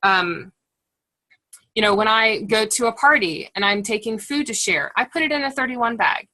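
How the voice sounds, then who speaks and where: A woman's voice: a little high, moderate pace, pushed and bright, low-quality recording. A woman leading a monthly call for her direct sales team, chatty and encouraging, acting out the lines she says to customers.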